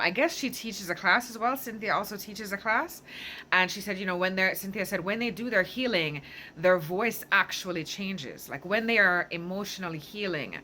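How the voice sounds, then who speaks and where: A woman speaks to her audience in an easygoing, reflective way, often stopping to search for the right word and tossing in "right?" to check in. Her voice sits a little low but has a bright, forward edge. A faint ambient hum runs underneath. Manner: thoughtful, searching for words, frequent "right?". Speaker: spiritual self-help vlogger. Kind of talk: casual reflective monologue.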